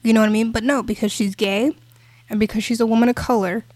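A woman's voice: a little high, steady tone, fast talker, darkish tone, no room sound. A woman co-hosting a podcast, talking in a casual, emphatic and impassioned way. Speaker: podcast co-host.

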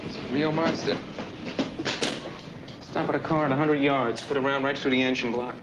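An actor playing a smooth-talking middle-aged male gun dealer who keeps up a steady stream of sales patter. The sound is a dull, muffled film clip with clear traffic noise behind it. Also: medium pitch, normal speed, close to an everyday voice. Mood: pushy salesmanship. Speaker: film character.

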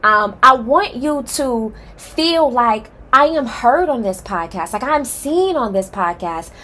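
Nervous and excited, a woman opens her own podcast alone, speaking straight to her audience as "y'all" with passionate, heartfelt emphasis. She talks slowly in a bright, forceful voice that leans high, with lively intonation.

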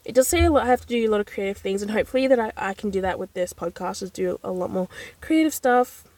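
A young woman, hosting a casual solo podcast from inside a parked car, rambling and chatty with animated exclamations. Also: medium pitch, quick pace, no echo. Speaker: podcast host.

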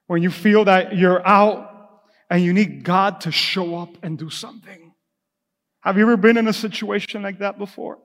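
High-voiced pastor preaching in a reverberant hall. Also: male voice, fairly bright tone. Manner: casual and conversational, building to fervent repetition. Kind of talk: sermon. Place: church sanctuary.

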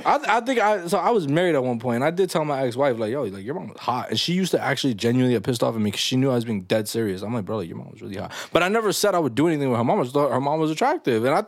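A young man rattles through listener confessions on a casual podcast, full of slang and loud laughter. His voice swings widely up and down as he reacts. The sound is dry and close, with no room echo. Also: medium pitch. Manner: animated, laughs often, slangy and crude. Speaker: podcast host reading listener stories. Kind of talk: casual comedic podcast chat.

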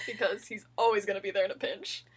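A woman hosting a casual chat, excitable and quick to laugh. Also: mid-range voice, noisy background. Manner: giggly, excitable.

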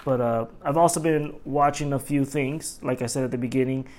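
A middle-aged man hosting a casual solo podcast, ranting in animated, profane stories and acting out what people said. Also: mid-range voice, brisk. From Los Angeles area. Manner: animated, profane storytelling with acted-out quotes. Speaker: podcast host.

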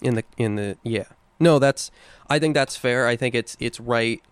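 A man's voice: mid-range voice, moderate pace, smooth, no room sound. A young man co-hosting a podcast, chatting casually and playfully, savoring the words he talks about. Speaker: podcast co-host. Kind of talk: casual chat.

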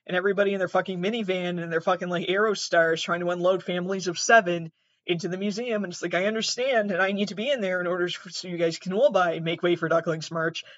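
A woman's voice: on the low side, no echo, muffled recording. A young adult woman hosting a podcast, telling a rambling, self-deprecating story full of swearing and restarts. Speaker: podcast host. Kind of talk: casual storytelling monologue.

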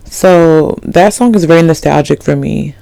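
A woman's voice: sits low, a little slow, creaky, mellow, no echo. A woman in her twenties hosting a solo podcast in a rambling, slangy chat full of asides and fillers. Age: 20s. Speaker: podcast host.

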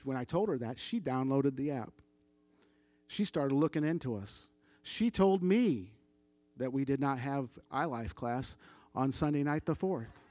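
A man's voice: mid-range voice, a little mellow, no echo. A middle-aged man telling a story as a church testimony, casual and conversational, acting out the dialogue of the people he quotes. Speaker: church member giving testimony.

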